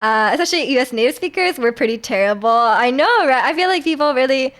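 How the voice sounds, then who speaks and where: A woman's voice: sits high, expressive, fast, a bit bright. A young woman from Canada chatting casually with viewers on a live stream, rambling with lots of fillers and laughs.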